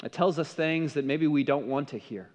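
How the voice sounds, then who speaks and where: A man preaching a sermon as pastor, swinging between impassioned emphasis and hushed, softened passages. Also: a little high, normal speed. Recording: dull sound with long hall reverb.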